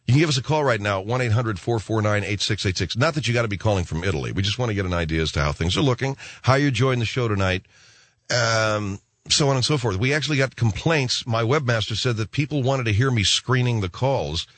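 Fast-talking and on the low side in pitch, a middle-aged man hosting a late-night radio show rambles through a story full of asides, animatedly playing the voices. A studio microphone in the radio studio captures him with no room sound.

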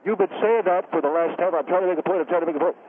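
A man's voice: high voice, brisk, voice pushed up. A man voicing an indignant, self-important male scientist calling in to a radio show. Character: touchy, pompous male scientist, middle-aged. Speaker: scientist guest on phone. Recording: phone line with faint hiss.

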